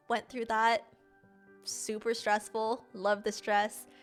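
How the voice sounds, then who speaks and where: A young woman streamer telling a personal story casually, animated and slangy, often laughing. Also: a little high, slow pace, faint music behind.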